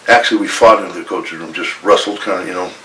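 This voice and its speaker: Ex-wrestler guest, low voice, swears freely, tells it with quoted dialogue; room echo, distant mic. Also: male voice, fast, bright, forceful tone, slight background noise. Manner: blunt, profane, retells arguments in quoted dialogue. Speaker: retired pro wrestler guest. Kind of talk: candid storytelling interview. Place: indoor room with a coffee maker.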